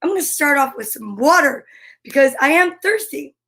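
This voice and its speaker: Middle-aged woman, scratchy rasp, high-pitched, bubbly live-stream host chatting casually. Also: expressive, normal speed, fairly bright tone. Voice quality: scratchy, raspy voice.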